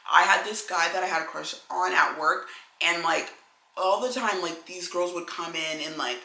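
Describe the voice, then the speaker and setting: A woman's voice: moderate pace, gravelly. A young woman co-hosting a casual advice chat, talking bluntly and animatedly, full of "like". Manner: animated, blunt, filler-heavy with "like" and "low-key". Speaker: co-host. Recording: echoey room.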